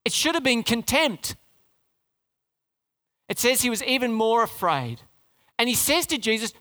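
A man preaching a sermon, retelling a story with rhetorical questions and dramatic drops into a low, quiet voice. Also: animated, moderate pace.

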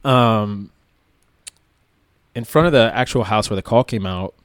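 A man's voice: fairly low pitch, measured pace, clean tone, dry recording, studio quality. A man, a former police officer, recounting a story casually with lots of fillers. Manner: relaxed, rambling with many fillers.

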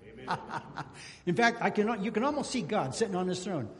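High-voiced pastor preaching in a reverberant church. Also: male voice, brisk, a little hiss or hum. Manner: animated preaching, calls out to the congregation. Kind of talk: sermon. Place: church sanctuary.

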